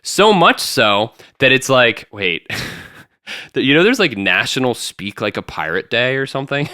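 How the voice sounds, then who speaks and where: A young man co-hosting a casual podcast, talking in an animated, jokey way with lots of restarts. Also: mid-range voice, unhurried, no echo, clean studio sound. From Tampa, Florida. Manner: animated, jokey, jumps in often, many restarts. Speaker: podcast co-host. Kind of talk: casual chat.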